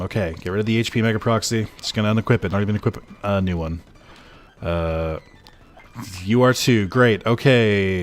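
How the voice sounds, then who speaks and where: A young man casually chatting with his viewers while streaming a game, joking and rambling with lots of fillers. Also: on the low side. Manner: chatty, joking, talks to chat, frequent fillers. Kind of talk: casual livestream commentary.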